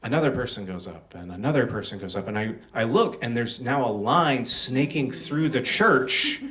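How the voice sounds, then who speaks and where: A man's voice: mid-range voice, animated, moderate pace, pushed and bright, far from the mic. Casual young man telling a story on stage. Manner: casual, self-deprecating, many fillers. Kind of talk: live personal storytelling. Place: stage at a live storytelling show.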